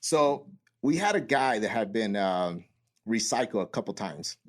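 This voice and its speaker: A man's voice: on the low side, lively intonation, measured pace. A man and Marine veteran telling a boot camp story in casual, profane podcast chat, acting out the quotes.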